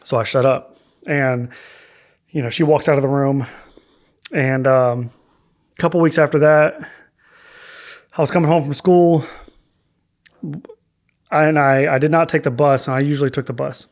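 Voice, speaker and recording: Man, podcast guest; mid-pitched, halting storyteller who restarts often. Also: fairly even intonation. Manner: halting, with frequent restarts and fillers. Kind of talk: personal storytelling.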